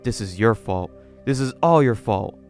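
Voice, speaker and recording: A man's voice: medium pitch, lively intonation, normal speed, darkish tone, lightly acted. Brief: creepy obsessive gothic girl, sugary menace, a man reading her lines, faint music under. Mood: accusing. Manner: sweetly menacing, scolding.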